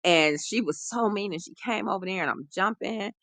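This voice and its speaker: A woman guest, a relationship coach, telling a personal story in an animated conversational way, full of "you know". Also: mid-range voice, moderate pace, no room sound. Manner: animated, acts out quoted voices, frequent "you know".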